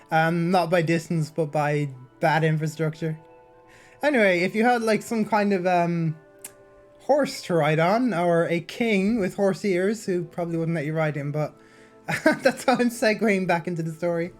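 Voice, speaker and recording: With a low, slightly mellow voice, a woman chats and reads aloud on stream through a basic mic, not a headset. She sounds somewhat nasal and has a sore throat, rambling through fillers and restarts.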